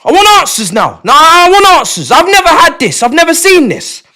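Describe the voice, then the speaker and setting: A man, chatting live on stream to his viewers, excitable, repeating and stumbling over words, sometimes shouting. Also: brisk. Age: 20s. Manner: shouts in bursts, then drops to low mutters. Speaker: livestreamer.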